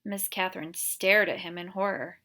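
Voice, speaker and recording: A woman teacher reading a novel aloud chapter by chapter, in a clear, steady storytelling voice. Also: lowish voice, normal speed. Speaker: reader, teacher.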